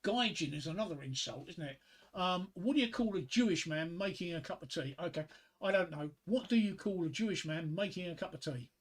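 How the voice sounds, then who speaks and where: A man telling jokes on a casual livestream, halting and repeating his words often. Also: high voice, expressive.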